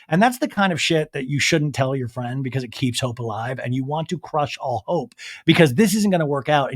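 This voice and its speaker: A man hosting a podcast who recaps a reality show in a casual, snarky, animated way. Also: a little high. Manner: animated, snarky, acts out quotes. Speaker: podcast host.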